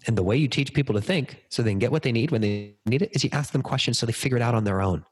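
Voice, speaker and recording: A man in his thirties, a podcast guest, telling stories in an energetic conversational way. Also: mid-range voice, very fast, husky. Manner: energetic, acts out quoted dialogue. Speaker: podcast guest, business speaker. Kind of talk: conversational storytelling interview.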